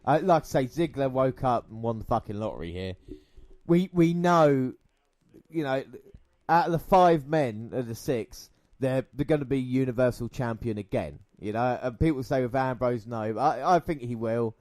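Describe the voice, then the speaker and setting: A man co-hosting a podcast, giving excitable play-by-play of a wrestling match with swearing and banter, close to the mic. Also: mid-range voice, normal speed, dry recording. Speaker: podcast co-host. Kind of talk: casual wrestling watch-along commentary.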